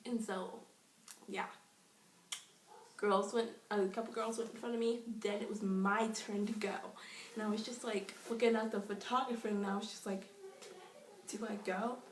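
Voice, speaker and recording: A young woman telling a casual storytime vlog, gushing and excitable, peppering every sentence with "like," and calling herself shy and nervous. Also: mid-range voice, moderate pace, distant mic, slight background noise. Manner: self-described shy and nervous. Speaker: vlogger. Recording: echoey room, voice off-mic.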